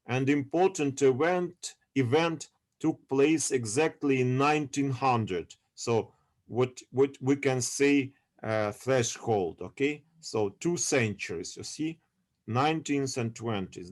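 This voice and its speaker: A male university lecturer gives an online class over a video call. He speaks slowly and at a middling pitch, pausing often to hunt for English words. He keeps checking that his students follow him. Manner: halting, searching for English words, many fillers.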